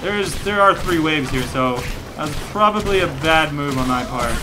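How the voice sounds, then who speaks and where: A man's voice: fairly high pitch, expressive, moderate pace, noisy background. A man giving rambling, joking let's play commentary, breaking into mock rage and laughter. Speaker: gaming commentator. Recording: game music playing behind.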